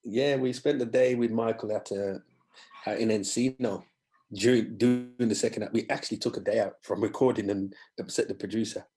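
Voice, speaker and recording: A man, a guest musician telling animated anecdotes in a podcast interview and acting out other people's voices. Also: fairly low pitch, brisk. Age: 50s.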